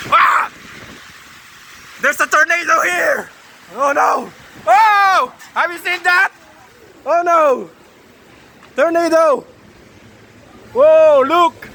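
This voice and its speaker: Filipino guy vlogging outside, super high voice, slow unhurried talk, faint wind behind. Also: vocal fry. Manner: excitable, whooping and laughing often. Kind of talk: excited casual vlog. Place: outdoors in rain and wind. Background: faint wind and rain.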